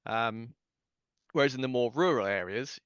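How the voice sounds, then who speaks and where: A man with a received pronunciation accent speaks thoughtfully, pausing on "um"s, his voice bright and crisp. The recording is a little dull and lo-fi. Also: medium pitch, dry recording. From southern England. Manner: thoughtful, hesitant, many "um"s. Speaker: podcast guest. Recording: slightly dull, lo-fi sound.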